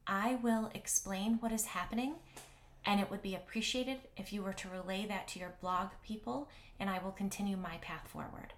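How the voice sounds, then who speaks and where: Shaky, formal go-between voiced by a female narrator, raised pitch, stilted delivery. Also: fairly even intonation, moderate pace, close to an everyday voice. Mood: tense formal. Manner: stiff, formal phrasing. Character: nervous woman relaying an alien's words.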